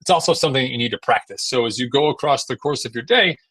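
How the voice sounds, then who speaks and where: A man's voice: mid-range voice, animated, quick pace, a bit bright, no echo. Man talking through a seminar, dry close sound. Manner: conversational, many fillers and repeated words; acts out voices in quoted asides. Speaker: endurance coach presenting a seminar. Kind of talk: casual seminar talk.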